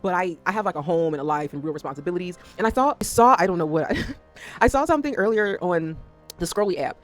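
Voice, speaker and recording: A woman's voice: on the low side, lively intonation, quick pace, faint music behind. A woman talking casually to camera as a vlogger, rambling and swearing as she jumps between topics.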